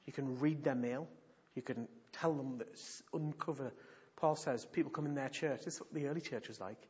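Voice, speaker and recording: A man preaches in church at a normal speed, his mid-range voice carrying a breathy edge as he tells animated stories and repeats points for emphasis. The sermon is heard through a dull lo-fi recording.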